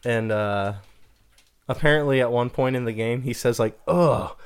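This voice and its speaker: A man's voice: mid-range voice, moderate pace, clear, resonant tone. A young man co-hosting a podcast in casual banter, joking and swearing freely. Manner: jokey, swears a lot, laughs often. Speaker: podcast co-host. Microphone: own studio microphone.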